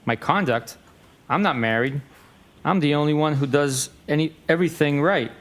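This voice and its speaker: A man reading an exchange of text messages aloud in a flat, matter-of-fact way. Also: a little high, normal speed.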